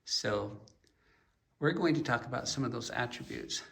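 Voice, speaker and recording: A man teaching a painting lesson, explaining at an unhurried pace while pointing at his work and mixing in stories. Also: medium pitch, animated, vocal fry, a bit bright, distant mic. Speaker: painting instructor.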